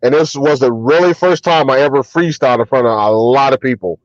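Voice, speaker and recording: A man, a hip hop artist and DJ, telling relaxed anecdotes as an interview guest, with many ums and restarts. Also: mid-range voice, a little fast, dry recording, muffled recording. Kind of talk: casual storytelling interview.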